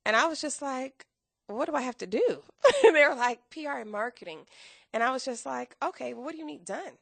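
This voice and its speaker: A woman in her thirties tells a story as a podcast guest, full of acted-out quotes and laughter. Her fairly high voice has a bright, sharp tone with a gravelly fry underneath. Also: a little fast, no echo. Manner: lively, acts out quotes with big pitch jumps and laughter. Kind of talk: animated storytelling in a podcast interview.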